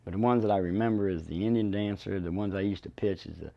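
A man who worked as a circus and carnival barker, talking about his work in an oral history interview and breaking into loud rhyming pitches. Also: fast talker, vocal fry, lo-fi sound. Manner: rhyming showman patter, shouts pitches up high.

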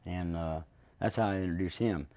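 A man who worked as a circus and carnival barker, talking about his work in an oral history interview and breaking into loud rhyming pitches. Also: normal speed. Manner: rhyming showman patter, shouts pitches up high.

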